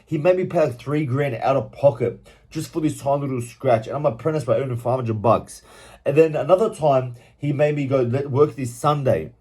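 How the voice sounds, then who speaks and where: A man's voice: medium pitch, fairly quick, dark tone, breathy edge. A young Australian man telling his own work story bluntly, swearing freely and venting openly. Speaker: vlogger. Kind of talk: candid personal storytelling.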